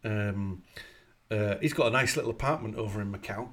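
A man's voice: on the low side, fairly quick, a bit bright. A man in casual chat, retelling film scenes in a crude, jokey way as podcast co-host.

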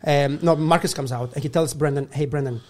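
Higher-voiced man telling a wild comic story. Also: a little fast. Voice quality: animated, swearing, laughs mid-story. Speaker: guest comedian. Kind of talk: casual storytelling.

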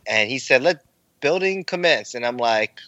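A man's voice: mid-range voice, expressive, moderate pace, pushed and bright, no echo, dull audio. A young man co-hosting a casual hobby podcast, telling stories animatedly and laughing often. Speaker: podcast co-host. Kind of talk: casual chat.

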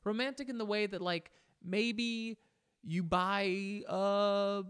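A man's voice: sits high, steady tone, slow pace, a bit bright, clear, resonant tone. A man hosting a casual solo podcast from his home office, chatty and playful, with jokey asides, his voice a bit congested. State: slightly congested. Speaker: podcast host.

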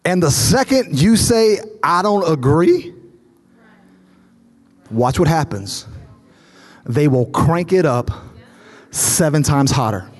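Male pastor, thirties, fervent sermon, high voice, long hall reverb. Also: very animated, slow, darkish tone. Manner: preaching with rising, fervent repetition; storytelling, acting out dialogue. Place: large church auditorium.

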